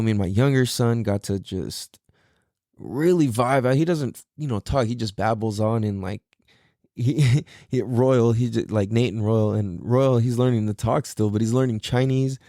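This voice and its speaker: A man's voice: medium pitch, a little slow, dark tone, no echo, clean studio sound. Tired, laid-back young man podcasting. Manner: laid-back slangy talk, heavy swearing. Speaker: podcast host. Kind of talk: casual solo podcast monologue.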